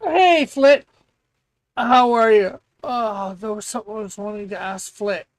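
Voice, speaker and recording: A man's voice: high voice, unhurried, dry recording. A man hosting a casual live stream, chatting, laughing easily and reading viewer messages aloud. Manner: laughs often, reads chat messages aloud. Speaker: comic artist and stream host.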